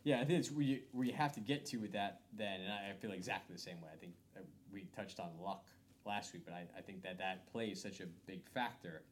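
A man's voice: deep voice, fairly quick, few pauses, slight background noise. A man hosting a podcast, reflecting thoughtfully in casual conversation. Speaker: podcast host.

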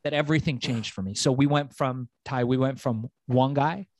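A middle-aged man tells a story as a podcast guest, swinging into other people's voices as he quotes them and swearing as he goes. His voice sits at an ordinary middle pitch. The recording is close and dry, with no room sound. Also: moderate pace, a little mellow, dry recording.

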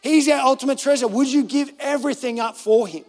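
High-voiced earnest male preacher. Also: a little fast, long reverb tail. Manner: earnest, conversational, full of fillers and self-quotes. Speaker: pastor. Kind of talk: informal sermon.

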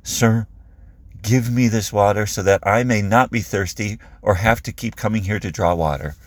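A man's voice: on the low side, moderate pace, dry recording, natural voice. A man voicing a puzzled Samaritan woman at a well, asking incredulous questions in a raised voice. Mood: pleading.

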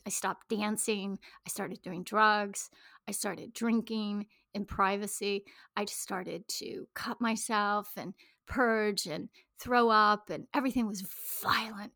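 A woman in her thirties speaks intimately and emotionally to an audience about money and shame, telling her own story and often dropping to a whisper. Her medium-pitched voice is creaky and a bit bright, captured in clean studio sound with no room tone.

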